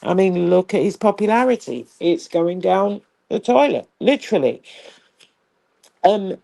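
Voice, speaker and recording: Female co-host, rambling political chat, gravelly fry, dry close sound. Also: medium pitch, animated, measured pace, warm tone, dry recording. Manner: chatty, restarts and filler, laughs easily. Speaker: co-host of a political talk show. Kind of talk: casual political commentary.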